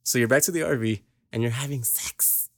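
A man's voice: medium pitch, brisk, no echo, studio quality. Rambling laughing young man on a podcast. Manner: rambling, laughs often, loses his train of thought. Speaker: podcast host. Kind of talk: crude casual banter.

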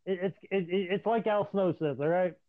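A man's voice: high voice, brisk. A man telling profane wrestling stories in casual chat, acting out the voices of the people in them. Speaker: podcast co-host, former wrestler. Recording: dry, tinny phone-like sound.

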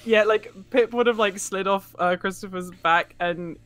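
A woman playing in a tabletop role-play game, excitable and gushing, laughing often between lines. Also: medium pitch, moderate pace, smooth, dry recording. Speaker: player.

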